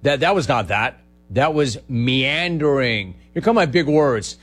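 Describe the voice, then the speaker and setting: A man hosting a call-in radio show, brash and quick, riffing and repeating words for comic effect. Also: mid-range voice, expressive, a bit bright, slightly rough. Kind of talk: sports talk radio call-in.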